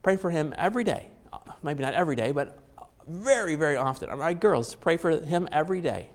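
A man's voice: a little high, expressive, a little fast, in a large hall. A man preaching a conversational sermon, repeating phrases for emphasis and chuckling now and then.

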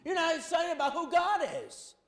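A middle-aged man preaching a sermon, swinging from loud exhortation to quiet storytelling. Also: very high voice, fairly even intonation, moderate pace, reverberant. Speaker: pastor.

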